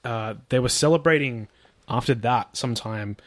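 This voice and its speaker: A man's voice: medium pitch, normal speed, no room sound. A man co-hosting a casual chat, retelling a story with many fillers, some swearing and acted-out quotes. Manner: rambling, lots of fillers, swearing, acts out quotes. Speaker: podcast co-host.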